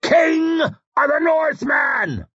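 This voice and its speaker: A man voicing a battle-drunk male warrior who bellows a slow, drawn-out war chant. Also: extremely high pitch, sing-song, fairly bright tone, shouting, pitched above the performer's own voice, exaggerated voice. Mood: frenzied chanting. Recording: dull lo-fi audiobook recording.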